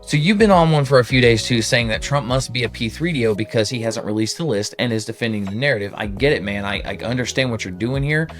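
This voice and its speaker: A man's voice: medium pitch, animated, fast talker, few pauses, faint music behind. A man hosting a commentary show, answering other commentators point by point in a casual way with lots of "like". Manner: casual, rebutting point by point with filler "like". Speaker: show host.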